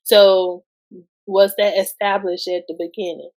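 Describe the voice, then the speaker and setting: Slow-talking woman with a drawl. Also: mid-range voice, steady tone, darkish tone. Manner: slow, conversational, asks many rhetorical questions. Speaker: guest podcast host. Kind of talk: casual parenting talk.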